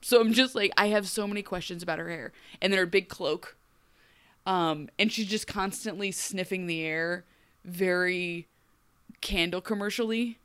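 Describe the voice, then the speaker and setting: A woman co-hosting a podcast, giving a wry, animated recap with frequent laughs. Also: fairly low pitch, moderate pace, clear, resonant tone. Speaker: podcast co-host. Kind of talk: casual recap chat.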